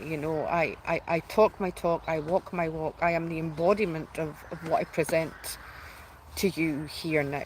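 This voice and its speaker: A woman's voice: low voice, moderate pace, rough recording. Woman host, personal announcement to her viewers, earnest and rambling, near tears now and then, faint noise underneath. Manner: heartfelt, rambling, many restarts and fillers. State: tearful at times. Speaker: spiritual channel host.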